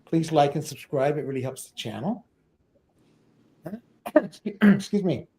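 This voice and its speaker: Man, middle-aged, livestream host, casual, rambling, fillers, slightly higher voice. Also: expressive, a little slow, dark tone, husky. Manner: chatty, rambling with many fillers.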